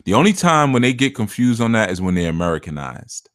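Low-voiced man in dry close sound. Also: sing-song, fast, a bit bright, no room sound. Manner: conversational, laughs often, puts on voices for quotes. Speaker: spiritual teacher. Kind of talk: casual talk to listeners.

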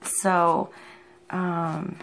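A woman giving an unscripted tarot reading, musing and halting as she thinks aloud with many pauses. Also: on the low side, flat delivery, gravelly, noisy background. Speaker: tarot reader.

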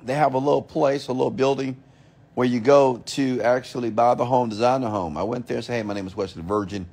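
A man in the middle of a motivational rant, with a voice of ordinary male pitch. He hammers his points home through repetition and rhetorical questions, and he swears casually. His delivery turns heated and climbs higher in pitch as he presses on. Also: fairly even intonation, a little fast, darkish tone. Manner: emphatic, repeats himself, asks rhetorical questions. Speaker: motivational speaker.

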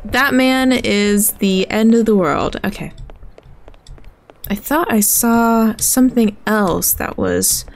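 A woman's voice: mid-range voice, slow pace, gravelly. A woman casually chatting while she plays a game, chatty and giggly. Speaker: gamer. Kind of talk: casual gameplay commentary.

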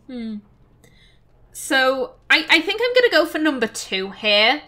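High, slow-talking woman gaming host. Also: big pitch swings, pushed and bright. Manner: chatty, thinks aloud. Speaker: let's play host. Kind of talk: casual gameplay commentary.

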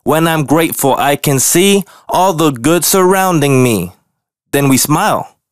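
A man's voice: a little high, animated, measured pace, dry recording, studio quality, voice pushed up. A man voicing a cheerful, encouraging young skunk in a storybook reading. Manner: bright, encouraging.

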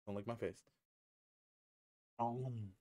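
Taking it slowly in a fairly low, steady voice, a young gaming YouTuber chats to camera at home with his dog, rambling, joking, cursing freely and filling gaps with ums. Background noise comes through his headset mic in this casual vlog.

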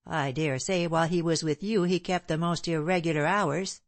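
A woman voicing a calm, stern gentleman in an audiobook, cold and composed. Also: low voice, moderate pace, dry recording.

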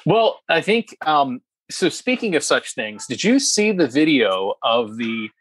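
A man co-hosting a casual podcast, his voice sitting a little higher than most men's. He talks emphatically and gets heated, full of ums and restarts. The sound is dry and close, with no room around it. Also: very animated, measured pace, slightly rough, no echo. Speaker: podcast co-host.

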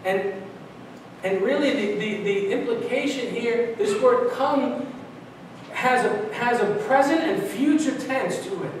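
A pastor from Brooklyn delivers an animated sermon, his fairly high voice stumbling into repeated restarts as he builds each point. The sound is heavily echoey and comes from a mic well away from him in the sanctuary. A faint hiss sits underneath. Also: a little slow. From Brooklyn, New York. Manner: animated preaching with frequent restarts and repetitions. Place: large church sanctuary. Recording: very echoey church from far off.

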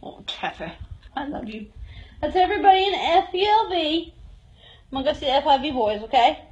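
High-voiced woman cooing at shelter cats. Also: animated, fairly quick, muffled recording, slight background noise. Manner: coos and baby-talks to cats. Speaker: cat shelter tour guide. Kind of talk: live-streamed shelter tour. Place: indoor cat shelter.

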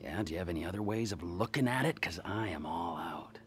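A mocking, unhinged criminal. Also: male voice, low-pitched, animated, racing, a little hiss or hum. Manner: mocking, sarcastic, swings to manic cheer. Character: volatile unhinged male criminal, old friend. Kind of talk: video game cutscene acting.

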